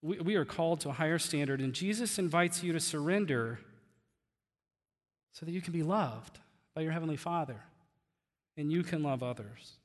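A pastor preaching a sermon in a conversational, animated way, laughing now and then as he teaches. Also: on the high side, moderate pace, long pauses, big-room sound.

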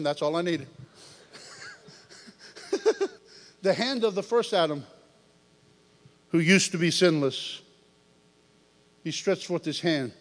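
A man preaching a lively sermon, telling his testimony with shouts, jokes and laughter. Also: fairly high pitch, big-room sound.

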